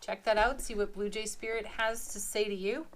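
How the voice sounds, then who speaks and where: A cheerful woman talks through a daily tarot reading. She sounds happy and giggly, and she lays out affirmations slowly and softly, with pauses between the words. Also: mid-range voice, fairly even intonation, a little hiss or hum. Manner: warm, giggly and upbeat; soft affirmations with drawn-out pauses. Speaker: tarot reader.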